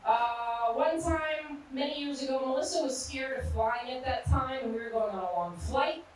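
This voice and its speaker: Woman doing crude punchy standup, high voice, echoey far-off club recording. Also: normal speed, slight background noise. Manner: brash, punchy storytelling with crude jokes. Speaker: stand-up comedian. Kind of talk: stand-up comedy set. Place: live comedy club with audience.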